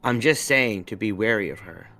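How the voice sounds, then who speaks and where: A man reading aloud as a cautious female companion, giving quick, hushed warnings in his own plain voice. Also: fairly low pitch. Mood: wary.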